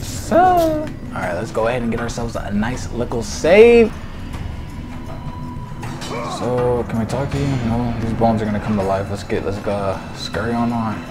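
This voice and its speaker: Excitable young man narrating his gameplay. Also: medium pitch, unhurried. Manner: excitable, talks to his viewers, swears mildly. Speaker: gaming video creator. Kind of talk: casual gameplay commentary. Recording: game music loud behind the voice. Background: game music.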